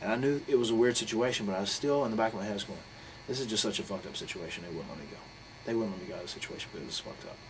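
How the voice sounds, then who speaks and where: A man's voice: on the low side, very fast, hardly any pauses, a crowd in the background, poor audio. A man, talking bluntly and profanely as he tells a heated personal story in a candid interview. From North Carolina. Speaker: interviewee, professional wrestler.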